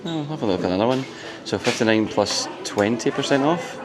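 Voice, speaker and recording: A man's voice: medium pitch, brisk, music in the background. A man, gushing and laughing as he vlogs a resort visit. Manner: excitable, gushing, laughs often. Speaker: vlogger. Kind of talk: casual vlog narration. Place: resort, indoors.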